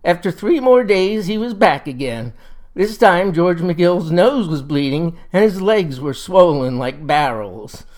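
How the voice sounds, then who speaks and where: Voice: mid-range voice, animated, a little slow, a little mellow. A storyteller narrating a folksy tale in a wry, leisurely way. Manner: wry, leisurely yarn-spinning.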